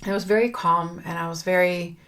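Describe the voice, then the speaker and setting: Earnest woman with a low voice. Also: fairly even intonation, brisk, a bit bright. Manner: earnest, reflective, conversational with fillers and restarts. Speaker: podcast host. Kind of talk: personal monologue.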